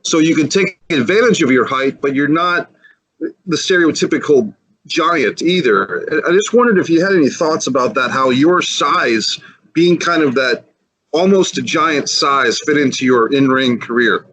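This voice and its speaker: A man's voice: a little high, lively intonation, moderate pace, fairly bright tone, slightly rough, rough recording. A man co-hosting an interview who asks long, searching questions and restarts his sentences often. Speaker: co-host asking questions.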